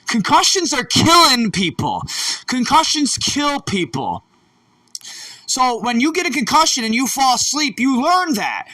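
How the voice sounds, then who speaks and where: Young man, very high voice, sharp and bright, rambling profane rant, sounds off-mic. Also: far from the mic, low-quality recording. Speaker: YouTube vlogger. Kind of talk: late-night rambling rant to camera.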